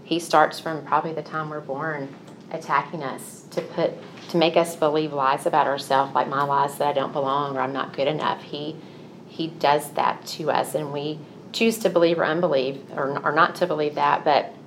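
A woman's voice: deep voice, a little hiss or hum. A middle-aged woman giving a Christian teaching talk, telling personal stories in an earnest, confessional way. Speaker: Christian speaker.

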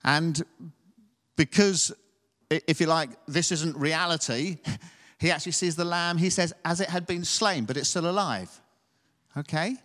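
A man with a higher-than-usual voice preaches a sermon. He reads scripture aloud and then turns conversational, often asking his listeners questions. His voice rings out in a hall with long reverb. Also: unhurried, pauses often, fairly bright tone. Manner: conversational, asks the congregation tag questions.

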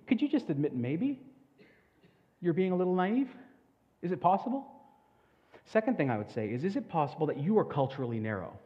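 A man preaching a sermon as pastor, talking earnestly and building to loud, emphatic peaks. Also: mid-range voice. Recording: dull sound with long hall reverb.

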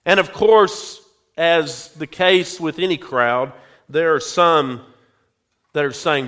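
A male pastor preaching a sermon, telling a story slowly and speaking directly to his congregation. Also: a little high, a bit bright. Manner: slow, drawn-out storytelling, addressing the congregation directly.

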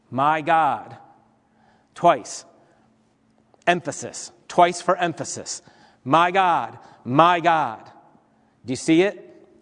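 Earnest male pastor preaching in a hall. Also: fairly high pitch. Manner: earnest, repetitive preaching with rhetorical questions. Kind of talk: sermon. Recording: long hall reverb.

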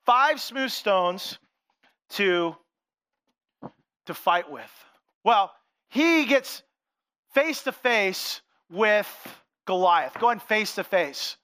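Playful high-voiced man preaching to kids. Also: extremely slow, pauses often, clean tone. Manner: animated, playful, addresses kids directly. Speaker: children's pastor. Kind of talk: sermon for children.

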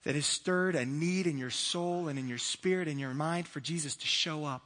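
Bright-voiced man preaching in a hall. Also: on the high side, normal speed. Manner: conversational preaching with acted-out dialogue and laughs. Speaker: pastor. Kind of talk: sermon. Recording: reverberant hall.

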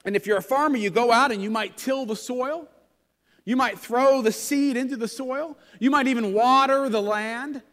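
A man's voice: very high-pitched, normal speed, a bit bright, big-room sound. A pastor in his thirties preaching a sermon in a conversational, self-deprecating storytelling way.

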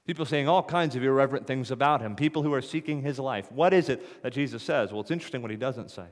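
A man's voice: mid-range voice, lively intonation, quick pace. Male pastor, sermon delivery, questioning style, mid-range voice, long church reverb. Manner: rhetorical questions, rising to emphatic peaks. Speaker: preacher. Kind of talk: expository sermon. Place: church sanctuary.

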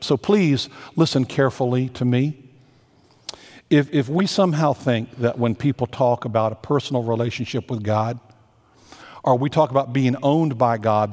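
A man's voice: mid-range voice, darkish tone. A man preaching a sermon as a senior pastor, earnest and emphatic, drawing out the words he stresses. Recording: long hall reverb.

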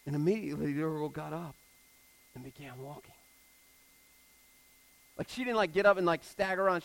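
A man preaching a conversational sermon, moving between hushed scripture reading and emphatic retelling. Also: high-pitched, gravelly, dry recording, poor audio. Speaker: pastor.

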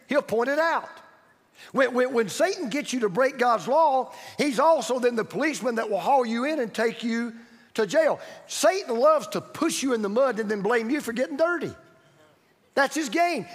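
Male pastor, high and animated, emphatic sermon delivery, reverberant church. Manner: emphatic, repeats key phrases, swings from loud to hushed. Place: church sanctuary.

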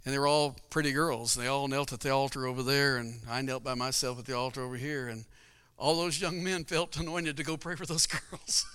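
A middle-aged man preaching a sermon through a personal story, his voice bright and crisp. He talks in a folksy, storytelling way and laughs often as he goes. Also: medium pitch, fairly even intonation, fairly quick. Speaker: pastor. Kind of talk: sermon testimony.

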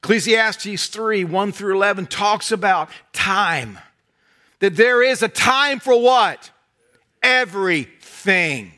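A middle-aged man with a Southern American accent from North Carolina, preaching a sermon with folksy humor and animated storytelling that drops to soft intensity. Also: high voice, slow.

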